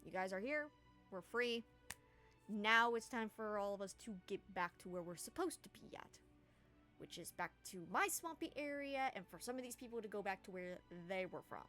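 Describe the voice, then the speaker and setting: Lady doing a snarky swamp character, needling, pitch swings up when mocking. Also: expressive, normal speed, sharp tone, soft background music. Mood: grudging. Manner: mocking, antagonizing. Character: sarcastic swamp dweller, needling and blunt.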